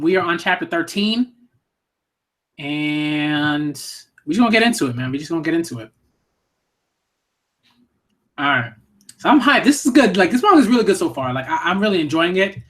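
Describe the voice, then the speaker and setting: A man's voice: on the high side, animated, normal speed, pauses often, fairly bright tone. A man giving casual, rambling live-stream commentary while reading a manga, full of fillers and swearing. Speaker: manga reviewer streaming a read-through.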